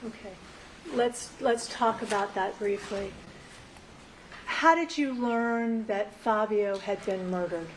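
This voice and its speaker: A woman attorney in a courtroom asking a witness short, measured questions. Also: mid-range voice, a little hiss or hum, low-quality recording. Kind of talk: courtroom examination.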